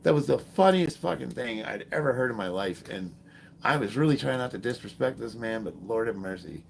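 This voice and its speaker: A man's voice: medium pitch, fairly quick, gravelly, slight background noise. A middle-aged man, a strength athlete, chatting to viewers on a casual livestream and telling profane, joking stories. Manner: profane, joking, animated storyteller. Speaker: strength athlete and fitness streamer. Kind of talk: casual livestream chat and storytelling.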